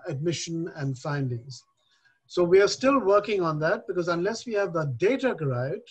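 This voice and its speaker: An older Indian man on a panel discussion speaks in a measured, deliberate way, stressing his key points over a video call. His voice is high-pitched and husky, and the audio is poor.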